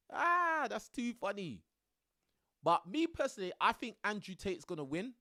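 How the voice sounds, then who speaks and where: Animated young man streaming. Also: high voice, no echo, clean studio sound. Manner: chatty, calls the chat bruv and bro. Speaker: live streamer. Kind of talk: casual live stream chat.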